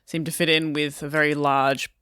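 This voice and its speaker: A woman narrating her character's entrance in a tabletop role-play, quietly and haltingly. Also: deep voice, little pitch movement, clear, resonant tone, no room sound, studio quality. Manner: quiet, halting scene-setting. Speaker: player.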